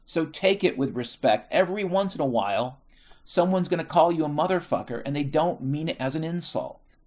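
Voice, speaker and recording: A man's voice: on the high side, lively intonation, a little fast, a little mellow. Middle-aged man, American, casual monologue; swears freely, wanders, corrects himself mid-sentence. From United States. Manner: profane, rambling, self-correcting.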